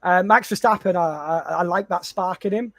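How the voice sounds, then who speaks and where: A man, a podcast co-host telling stories in casual chat, animated and laughing often with frequent restarts. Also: high-pitched, fairly quick, no room sound, clean studio sound. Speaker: podcast co-host and content creator.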